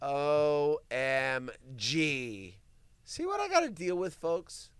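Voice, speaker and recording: Stream host, slow-talking, profane rants, laughs while reading news, dry close sound. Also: medium pitch, big pitch swings, clean tone, dry recording. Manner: profane ranting and mocking asides. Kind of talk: solo live-stream commentary.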